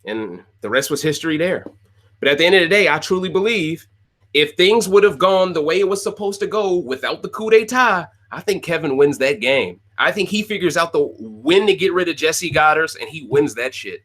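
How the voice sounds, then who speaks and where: A man's voice: fairly high pitch, lively intonation, normal speed, fairly bright tone. A man hosting a casual rant-style recap show, talking straight to his viewers, opinionated and prone to repeating himself. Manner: opinionated, repeats phrases, talks to viewers directly. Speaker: podcast host recapping a reality show.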